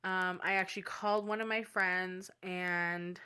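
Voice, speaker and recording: A woman's voice: lowish voice, steady tone, measured pace, sharp tone, smooth. A young woman vlogging, telling dating stories in a chatty, dramatic, candid way. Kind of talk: casual storytelling vlog.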